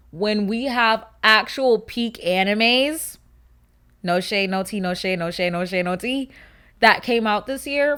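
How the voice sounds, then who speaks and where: A woman's voice: a little high, measured pace, a bit bright. A woman of twenty-one talking casually to camera as a YouTuber, chatty and slangy, rambling off on asides.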